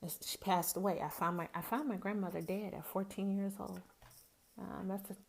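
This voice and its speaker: A woman with a Southern accent from Mississippi talks frankly and personally, her voice pitched in an ordinary middle range. She speaks in a folksy, plain-spoken way and addresses the listener as "baby". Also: steady tone, moderate pace, gravelly. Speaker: podcast host. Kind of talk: personal monologue.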